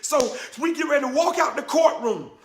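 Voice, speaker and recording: A man who is a pastor and show host, telling a personal story in an emphatic, preacherly way that builds to shouting. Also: very high-pitched, a little fast, roomy sound. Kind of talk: impassioned spoken testimony.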